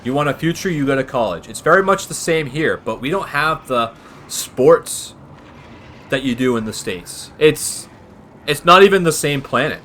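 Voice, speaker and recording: A man's voice: a little high, lively intonation, moderate pace, pushed and bright, slight background noise. A young man, chatting casually over strategy gameplay and drifting into long tangents. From Canada. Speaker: gaming channel host.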